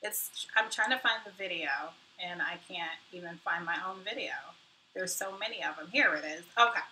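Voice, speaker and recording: A woman's voice: on the low side, moderate pace, bright, forceful tone, slight background noise. A woman hosting her own live stream in casual chat, self-deprecating and muttering asides to herself. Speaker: YouTube host. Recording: roomy echo, mic at a distance.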